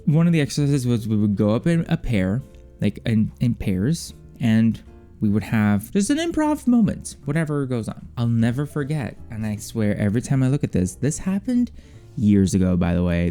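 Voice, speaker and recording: A young man chatting casually in a vlog, swearing freely, with quick asides and acted-out quotes. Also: mid-range voice, warm tone. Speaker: vlogger. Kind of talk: casual shelf-tour vlog.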